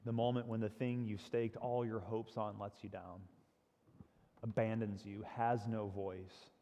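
A man preaching a sermon, retelling a story dramatically, swinging from loud to hushed. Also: fairly low pitch, level tone, unhurried, a little hiss or hum. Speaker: pastor. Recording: long hall reverb.

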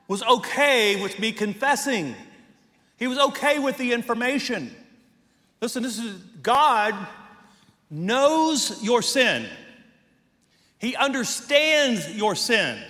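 Middle-aged male pastor, bright forceful tone, long church reverb; emphatic, joking sermon delivery. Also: extremely high pitch. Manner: emphatic preaching with rhetorical questions and light humor. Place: church sanctuary.

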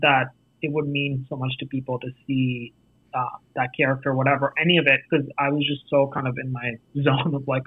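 A man with an American accent, an actor telling stories about his career in a casual interview, animated and acting out quoted voices. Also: medium pitch, brisk, slightly rough, no echo. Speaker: actor and festival jury guest. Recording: tinny phone-like line.

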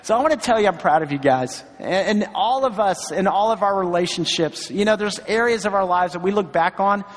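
A middle-aged man preaches to his church, his voice pitched high for a man. He tells stories in an earnest, encouraging way, dropping in asides as he goes. The sound rings with the long reverb of a large sanctuary. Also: a bit bright. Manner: storytelling, earnest and encouraging, many asides like "right?" and "you know". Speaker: pastor. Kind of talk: sermon.

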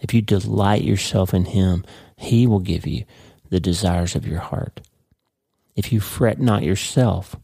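Low, mellow-voiced man preaching earnestly. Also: no room sound, studio quality. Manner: earnest, emphatic, slows down for dramatic stress. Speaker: devotional podcast host. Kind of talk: devotional podcast teaching.

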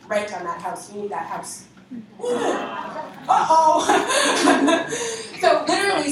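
A woman leader giving a lively spoken testimony to a congregation, acting out the conversations she recounts. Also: fairly high pitch, a little hiss or hum. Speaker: ministry leader. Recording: echoey hall from far off.

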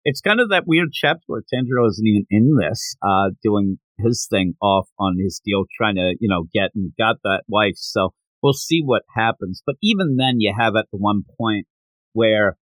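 A podcast host rambles through a manga chapter recap in casual, animated chat, acting out quoted lines as he goes. His voice is fairly low at a moderate pace, and the poor-quality audio has no echo.

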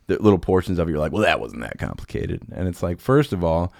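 Man, podcast host, deep voice, dry close sound, rambling, jokey, casual chat. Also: very animated, quick pace, creaky, darkish tone, no room sound. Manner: rambling, jokey, laughs often.

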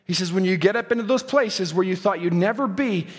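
High-voiced preacher shouting and hushing. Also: male voice, brisk. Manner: preaching with swings from shouting to hushed tones. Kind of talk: sermon.

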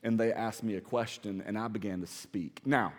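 A man with a Southern accent preaching a sermon, shifting between quiet low passages and loud emphatic ones. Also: steady tone, normal speed, in a large hall. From South Carolina. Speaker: pastor. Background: audience laughter.

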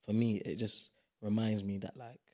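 Chatting casually as a podcast guest, a young South East London man speaks with a London accent at a moderate pace. His voice sits fairly low, and his delivery is animated, emphatic and slangy.

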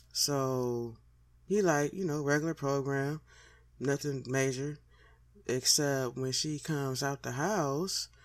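A woman telling a raunchy personal story in a casual monologue, talking in a loose, slangy, heavily profane way and pausing to smoke partway through. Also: low voice. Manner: pauses to smoke mid-story.

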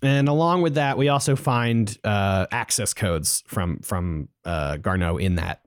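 A man's voice: on the low side, a little slow, clear, resonant tone, no room sound, studio quality. A man co-hosting a podcast, recapping a video game in casual chat, rambling and playful, with goofy voices for the characters he quotes. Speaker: podcast co-host.

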